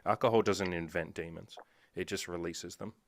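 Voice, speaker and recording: A man's voice: sits low, steady tone, normal speed, creaky. A man hosting a podcast, giving blunt, emphatic self-improvement advice in casual chat and swearing for emphasis.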